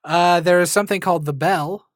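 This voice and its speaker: A man with a somewhat raised voice co-hosts a podcast, reading out odd news stories in a teasing, deadpan way. The talk is casual and playful. The recording is close and dry. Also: sits high, brisk, no echo. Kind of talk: casual chat. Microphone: studio mic.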